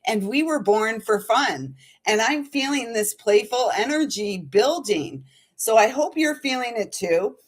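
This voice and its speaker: A woman's voice: on the high side, lively intonation, unhurried, breathy edge. Giggly, bubbly spiritual host woman. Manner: bubbly and giggly, sings snatches of songs. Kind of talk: casual chat to viewers.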